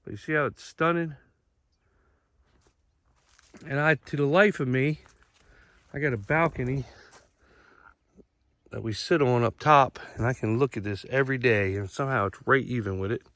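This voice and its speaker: A middle-aged farmer with an Eastern Shore accent talks his way through a cornfield, plain-spoken and repetitive, circling back to the same point. His voice sits at an ordinary pitch, recorded outdoors with a dry sound and no room echo. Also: normal speed, a bit bright. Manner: plain-spoken, repeats himself, explains while walking. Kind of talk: casual vlog walkthrough.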